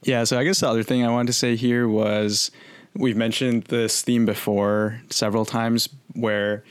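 A man's voice: mid-range voice, level tone, moderate pace, clear, resonant tone, no room sound. A man co-hosting a podcast, chatting casually as he recaps an episode in a loose, conversational way. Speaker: podcast co-host.

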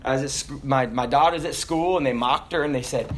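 Animated preacher, shouting then quiet. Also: male voice, normal speed, long pauses, a little hiss or hum. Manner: swings from booming shouts to quiet conversational asides; casual, with fillers like "you know" and "like". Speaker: pastor. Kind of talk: sermon.

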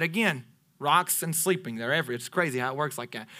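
High, bright-voiced animated preacher man. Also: fast. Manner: animated, joking asides to the congregation. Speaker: pastor. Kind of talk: sermon. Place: church sanctuary.

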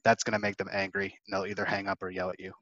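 A young man in his twenties giving casual sales advice on a panel, animated and acting out phone exchanges as he talks. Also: low voice, fast, no echo. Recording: dry, slightly dull lo-fi audio.

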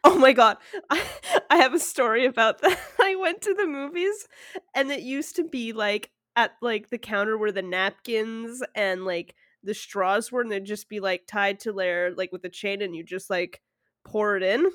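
A young woman co-hosting a casual chat, animated and laughing through her stories, swearing casually. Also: medium pitch, moderate pace, no echo, clean studio sound. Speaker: podcast co-host.

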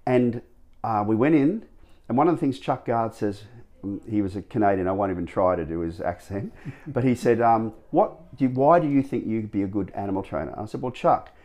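A man, telling his stories as an interview guest, rambling and animated with many restarts. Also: fairly low pitch, brisk. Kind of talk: casual storytelling interview.

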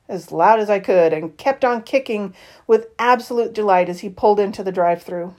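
A woman reading a novel aloud in the first person, with expressive, lively shifts in tone. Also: medium pitch, normal speed. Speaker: audiobook reader.

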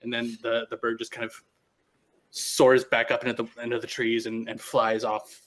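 A man's voice: medium pitch, monotone, moderate pace. A man narrating as game master of a tabletop game, rambling and restarting often.

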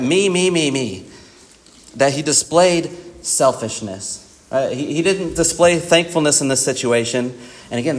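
A man preaching a morning sermon in a church, talking to the congregation in a conversational way and often asking "right?". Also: on the high side. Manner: conversational, with frequent "right?" asides and acted quotes.

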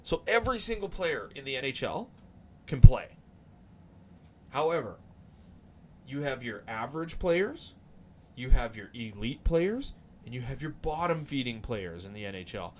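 Male podcast host, mid pitch, very expressive, casual and rambling. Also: normal speed, pauses often, slight background noise. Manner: animated, rambling, swears casually. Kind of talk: casual chat about hockey.

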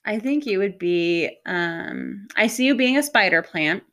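A woman's voice: mid-range voice, expressive, fairly bright tone. Playful, joking woman podcast co-host. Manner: playful, agreeable, quick with jokes. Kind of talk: casual podcast chat.

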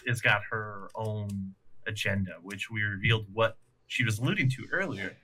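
A man's voice: fairly low pitch, moderate pace, pushed and bright, slightly rough. A man co-hosting a casual comic book podcast, laughing often, swearing and acting out the characters' lines. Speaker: podcast co-host.

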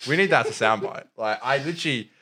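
Fast-talking, sarcastic man. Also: mid-range voice, sharp tone, husky. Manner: fast, sarcastic, swears casually. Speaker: podcast co-host. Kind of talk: casual chat.

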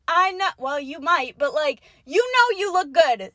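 A young woman hosting her own solo podcast, rambling and swearing freely, swinging between low mutters and loud yelling. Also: big pitch swings, a little slow, few pauses, no room sound. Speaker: podcast host.

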